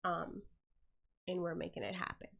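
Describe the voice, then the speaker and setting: A middle-aged woman hosting a show, telling a story in a lively, blunt and profane way. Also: on the low side, moderate pace, vocal fry, highs cut off. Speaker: host. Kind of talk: casual storytelling chat.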